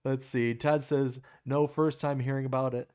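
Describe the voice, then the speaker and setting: A man's voice: mid-range voice, flat delivery, normal speed, a little mellow, smooth. Easygoing guy hosting a stream, reads out chat, laughs a lot, medium voice. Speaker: live stream host. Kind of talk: casual chat reading viewer comments.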